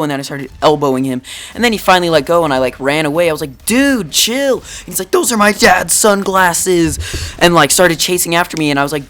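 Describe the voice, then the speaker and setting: A teenage boy telling a story from school in a casual vlog, rambling and joking, with lots of "like" and "dude". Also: on the high side. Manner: rambling, jokey, full of "like" and "dude". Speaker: YouTuber.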